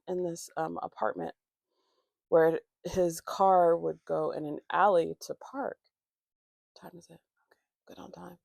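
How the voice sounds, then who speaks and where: A woman's voice: medium pitch, creaky, mellow, no room sound. A woman vlogger telling a rambling, profane storytime while doing her makeup, acting out the people in it. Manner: rambling, profane, acts out quoted voices. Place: at home, morning makeup routine.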